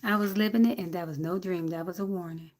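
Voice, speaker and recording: A woman's voice: lowish voice, steady tone, quick pace, darkish tone. A woman from City, chatting casually on a livestream with her viewers and her dog. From Jersey City, USA. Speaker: livestream host. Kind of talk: casual live-stream chat.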